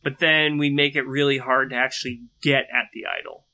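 A man co-hosting a casual podcast chat about a reality show, animated and joking, acting out little quotes. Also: mid-range voice, a little fast. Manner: animated, acts out quotes in funny voices. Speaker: podcast co-host.

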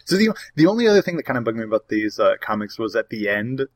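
A man's voice: on the low side, fast. A young man co-hosting a casual comics podcast, joking and acting out lines as he talks. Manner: joking, lively, acts out quotes. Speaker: podcast co-host.

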